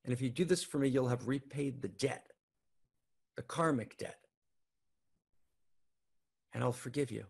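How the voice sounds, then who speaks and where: A man voicing a heartbroken, forgiving woman in a soft, hushed way, with a gravelly husky voice. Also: mid-range voice, a little slow, pauses often.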